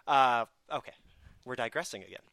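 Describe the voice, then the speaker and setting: A man's voice: medium pitch, expressive, a little fast, bright, forceful tone, no echo. A man hosting a casual podcast chat, snarky and self-mocking as he talks. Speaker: podcast host.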